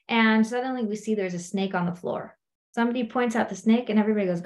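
A middle-aged woman speaking as a coach in a conversational teaching talk, often acting out what people say. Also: fast. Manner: conversational, acts out quotes in high animated voices.

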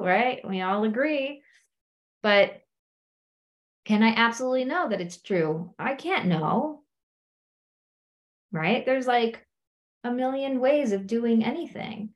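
A woman, married, teaching a self-inquiry method in a conversational way, often asking "right?" and acting out quoted lines. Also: medium pitch. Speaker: coach.

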